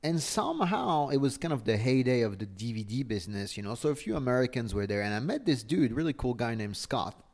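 A man's voice: medium pitch, brisk, few pauses. French-accented man telling a story. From France. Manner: animated, restarts often, swears casually, acts out voices in quotes. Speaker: guest. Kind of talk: casual storytelling in an interview.

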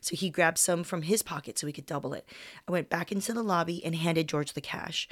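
Candid low-voiced woman telling a story. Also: brisk, no room sound, clean studio sound. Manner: candid, conversational storytelling in one take. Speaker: comedian. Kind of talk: reading a personal story aloud.

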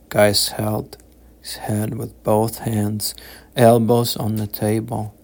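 A man reading his own novel aloud in a slow, measured, solemn audiobook narration. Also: fairly low pitch, monotone, gravelly, darkish tone.

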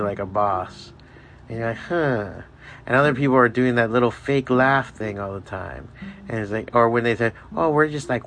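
A man's voice: mid-range voice, fairly bright tone. A man hosting a podcast, ranting in a rambling, heavily profane way and laughing at his own jokes. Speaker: podcast host. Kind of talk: profane solo podcast rant.

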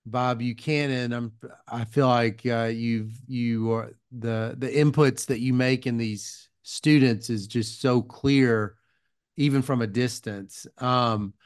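A man's voice: medium pitch, steady tone, slow pace, smooth. A man hosting an interview, mostly giving short affirmations and asking thoughtful follow-ups. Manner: brief affirming backchannels. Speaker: interview host. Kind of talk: conversational interview.

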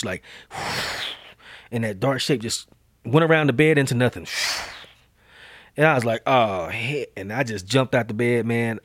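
A man hosting a podcast, telling a story in a lively, slang-heavy way and acting out the quotes. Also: medium pitch, dry recording, clean studio sound. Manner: animated, slangy storyteller who acts out quotes. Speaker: podcast host. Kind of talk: casual storytelling chat.

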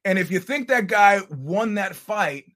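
Animated, profane male podcast host. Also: sits high, unhurried. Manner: animated, profane, acts out quoted people. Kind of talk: casual monologue.

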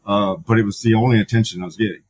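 A man's voice: on the low side, fairly even intonation, racing, a little mellow, poor audio. A middle-aged man, a podcast guest, telling his story candidly, with frank, profane talk full of fillers and restarts.

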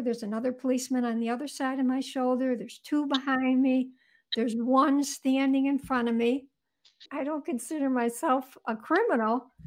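A woman with a noticeably high voice, a guest on an interview show. She tells her story earnestly and step by step, lingering on vivid details. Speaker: guest author.

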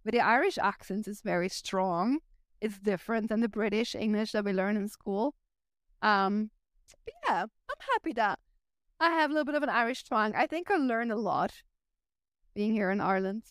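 A woman's voice: medium pitch, expressive, normal speed, dry recording, clean studio sound. A Belgian woman, a native Flemish speaker, chatting frankly and casually on a podcast, with a Flemish accent and lots of "like". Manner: chatty, uses "like" a lot, frank. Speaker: guest.

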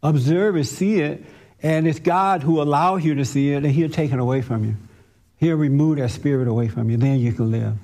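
Guy giving spiritual counsel, kinda high voice, keeps hammering his point, insistent. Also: fairly quick, warm tone. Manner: emphatic, insistent, repetitive. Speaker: spiritual teacher.

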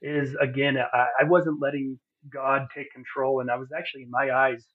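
A man's voice: mid-range voice, flat delivery, moderate pace. A man sharing an earnest, heartfelt personal testimony as a podcast guest. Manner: earnest, heartfelt, many fillers and restarts. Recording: phone-like narrow sound.

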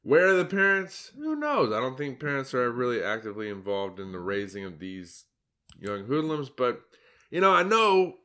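A man's voice: lowish voice, a bit bright, clear, resonant tone. A man giving sarcastic, mocking solo commentary on his own article, laughing at his own jokes.

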